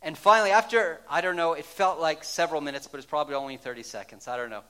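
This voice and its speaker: A man preaching a sermon, telling a story in a lively way and later speaking in a soft, hushed tone. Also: on the high side, quick pace, clear, resonant tone. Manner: animated storytelling, dropping to a hushed, soft delivery toward the close. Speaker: pastor.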